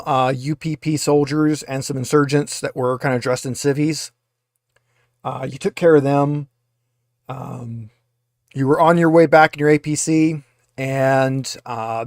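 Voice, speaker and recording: A man's voice: fairly high pitch, no echo, studio quality. A man running a tabletop game as game master, talking in a rambling way with many filler uhs. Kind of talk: narrating a tabletop game over a video call.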